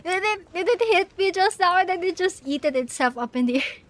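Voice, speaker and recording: A young woman VTuber chatting casually with her viewers while gaming, giggly and excitable, shrieking in panic at the game. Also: very high voice, brisk. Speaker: VTuber streamer. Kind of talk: casual live-stream chat while gaming.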